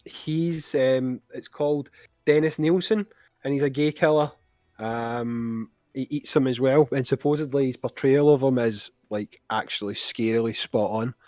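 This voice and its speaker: A Scottish man chatting as a podcast guest over a call, talkative and quick to laugh. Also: mid-range voice, steady tone, darkish tone, dry recording, studio quality. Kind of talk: casual chat.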